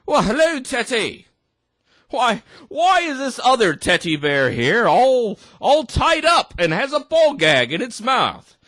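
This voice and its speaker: A man's voice: very high voice, big pitch swings, takes it slowly, fairly bright tone, dry recording, clean studio sound, voice pushed up, heavily acted. A tipsy man putting on an accent to voice a prim, condescending woman teacher explaining things to a teddy bear. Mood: patronizing. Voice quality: put-on accent. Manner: sing-song, condescending explaining.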